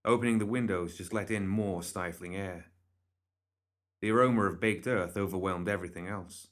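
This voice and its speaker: A man with a fairly low voice narrates a story in a steady, measured way. His delivery is scripted and even. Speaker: reader.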